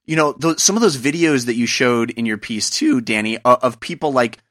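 Guy hosting a gaming podcast, bright tense voice, earnest and reflective, dry close sound. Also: medium pitch, a little fast, dry recording. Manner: earnest, reflective, talks things through. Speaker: podcast host. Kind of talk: casual podcast chat.

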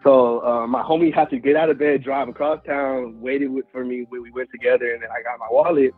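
Give me a young man from Houston in his twenties, casual and slangy, with a husky voice and a dry sound. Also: medium pitch, fairly even intonation, a little fast, dry recording, narrow, tinny audio, faint music behind. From Houston, Texas. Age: 20s. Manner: slangy, swears a lot, many fillers. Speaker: guest storyteller. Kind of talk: casual storytelling.

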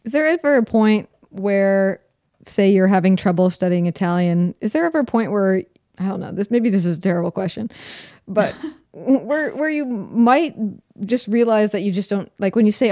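A woman's voice: medium pitch, moderate pace, mellow, no echo. A woman from the United States hosting a podcast, asking curious questions with a self-deprecating touch. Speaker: podcast host.

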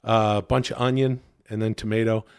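A middle-aged man co-hosting a comedy podcast, joking loudly and riffing in playful rants. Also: fairly low pitch, flat delivery, fairly quick, vocal fry, clear, resonant tone, no echo, clean studio sound. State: sore ribs, pained when coughing. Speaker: podcast co-host. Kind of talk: casual comedic podcast banter.

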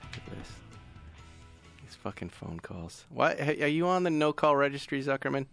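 A man's voice: medium pitch, moderate pace, vocal fry, faint music behind. A man hosting a car podcast, telling comic stories in a casual chat. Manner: animated comic storyteller. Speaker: podcast host.

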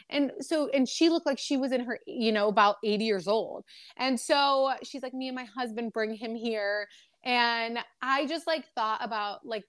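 Young woman podcast host, rambly and emotional, kinda high voice, dry close mic. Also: a bit bright, no room sound. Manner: rambling, emotional, many fillers. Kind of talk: casual chat, personal story.

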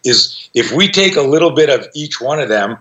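A man's voice: mid-range voice, normal speed, muffled recording. A middle-aged man telling a story as a podcast guest, swearing freely and acting out the voices of the people in it. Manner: profane, animated, acts out quoted voices. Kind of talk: casual storytelling.

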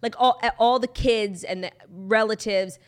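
A young woman co-hosts a gossip podcast in a casual, rapid, animated style. Her fairly high voice runs through stories packed with fillers. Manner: animated, fast storytelling with many fillers. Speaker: podcast co-host.

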